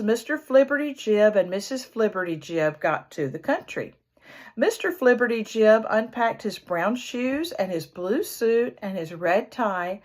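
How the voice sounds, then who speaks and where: A woman reading a children's picture book aloud in an expressive storyteller's way, imitating the animal sounds. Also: on the high side.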